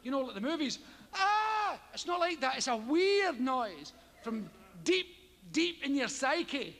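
Swearing Scottish comedian with a high voice. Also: male voice, unhurried, in a large hall. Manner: profane, animated, acts out yells and noises. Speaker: stand-up comedian. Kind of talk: stand-up storytelling. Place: theatre stage before a live audience.

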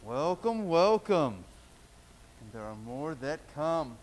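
A man's voice: fairly high pitch, very animated, takes it slowly, slight background noise. A man leading a children's story in church, playfully asking the kids questions and telling a story. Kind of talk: children's sermon. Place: church sanctuary.

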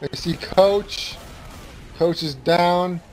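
High-voiced swearing gamer man. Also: drawn-out words, a little hiss or hum. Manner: swearing, exclamatory. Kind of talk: excited co-op let's play chat.

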